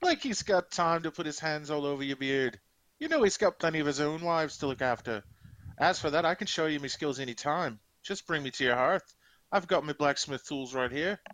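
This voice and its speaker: Dude doing a bragging flirty orc smith, fake scottish accent, bouncy up-and-down voice. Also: male voice, on the high side, fairly quick, no echo. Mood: boastful. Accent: put-on Scottish. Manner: smooth-talking, rambling, flattering. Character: boastful, flirty orc blacksmith adventurer.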